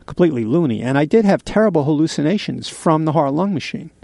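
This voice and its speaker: A man in his sixties hosting a radio show, telling a candid personal story in a halting way with many pauses and fillers. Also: on the high side, expressive, vocal fry, a little mellow, no echo, clean studio sound. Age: 60s. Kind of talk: confessional radio monologue.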